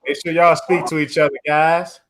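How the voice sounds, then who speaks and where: A man's voice: on the high side, little pitch movement, normal speed, a bit bright, a little hiss or hum. A man hosting a casual live stream, talking emphatically, repeating his phrases and often breaking into laughter.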